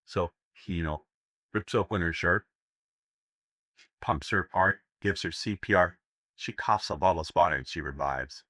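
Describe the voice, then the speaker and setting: A man's voice: deep voice, a little slow, long pauses, bright, forceful tone, breathy edge, no echo, clean studio sound. A man giving a live seminar talk, telling crude jokes as stories and laughing at his own punchlines. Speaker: seminar speaker. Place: seminar room with audience.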